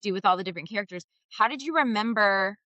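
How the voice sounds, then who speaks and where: A woman hosting a chatty interview, her voice bright and clear. She asks curious, winding questions in a friendly way. The sound is dry and close to the mic. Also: mid-range voice, animated, fast, dry recording, lo-fi sound. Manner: warm, curious, rambling questions. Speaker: host. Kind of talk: casual interview.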